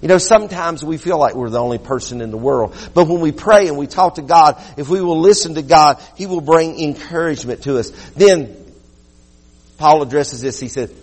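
A man preaching a sermon as pastor, swinging between loud quick bursts and low slow passages. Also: big-room sound.

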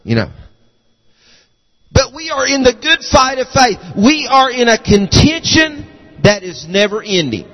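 A man's voice: very high-pitched, wildly swooping pitch, measured pace, fairly bright tone. A man preaches a fervent sermon. He restarts his sentences often and circles back on repeated words. His voice rings out with the long reverb of a church sanctuary. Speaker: pastor. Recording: long reverb of a large hall.

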